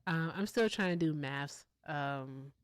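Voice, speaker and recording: A woman's voice: low-pitched, takes it slowly, clear, resonant tone. A woman hosting a casual live stream, chatting with viewers and thanking them, sounding tired.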